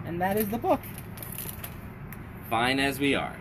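A middle-aged man hosting a library story time, reading a picture book aloud to children in an animated, sing-song way. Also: medium pitch, measured pace, long pauses, background noise.

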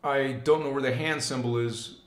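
A man's voice: medium pitch, fairly even intonation, moderate pace, reverberant. A man hosting a live spiritual stream. He talks in a casual, slangy way and leads his listeners through chants and affirmations. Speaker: spiritual livestream host.

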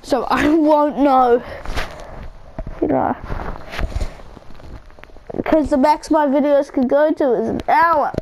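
A woman giving rambling, excitable live commentary over her own gameplay, bursting into shouts now and then. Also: high voice, takes it slowly, pauses often, a little hiss or hum. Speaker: gaming channel host.

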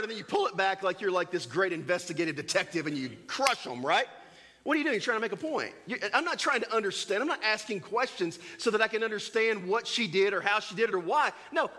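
A man preaching a sermon as pastor, animated and joking, acting out little scenes for his congregation in a church. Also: on the high side. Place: church sanctuary.

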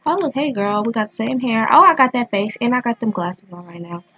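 A woman giving casual, excitable commentary as she plays a video game, chatting and thinking aloud as she goes. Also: fairly high pitch, fairly quick, slightly rough. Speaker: gaming channel host.

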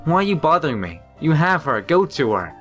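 A man's voice: on the high side, very animated, brisk, fairly bright tone, faint music behind, pitched above the performer's own voice. A man voicing a shy teenage girl turned cold and ruthless, speaking in clipped, accusing lines.

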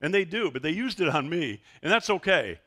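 Middle-aged male pastor, bright slightly high voice, animated sermon storyteller. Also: fairly quick. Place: church sanctuary.

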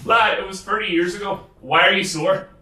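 A man with a Northern Irish accent, performing battle rap and shouting taunting lines with bursts of laughter. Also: high voice, fairly quick, soft background music. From Northern Ireland. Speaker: battle rapper. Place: large hall with a live crowd. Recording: echoey hall, distant mic, loud crowd.

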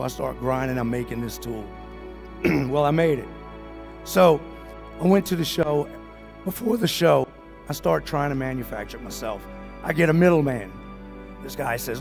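A man speaking at a business summit, telling a story to the audience in an animated way and acting out what everyone in it said. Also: a little high, gravelly. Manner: animated, acts out the dialogue of the people in his story.

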